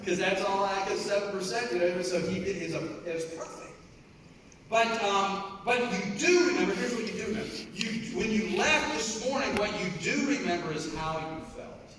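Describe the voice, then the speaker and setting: A man giving an energetic motivational speech at a convention, talking emphatically and repeating his key points. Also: high voice, moderate pace, a little hiss or hum. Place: large convention hall. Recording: echoey hall, voice from far off.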